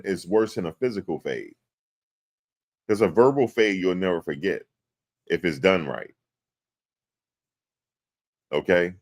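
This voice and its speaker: A man giving casual commentary on a court case to his viewers, talking in loose slang and acting out quotes. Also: fairly low pitch. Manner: animated, slangy, acts out quotes in exaggerated voices. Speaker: commentary host. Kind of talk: casual live-stream commentary.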